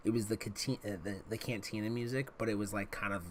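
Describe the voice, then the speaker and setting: Blunt, low-voiced podcast host. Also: male voice, fairly even intonation, fast, a little hiss or hum. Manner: blunt, opinionated, many fillers. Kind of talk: casual chat.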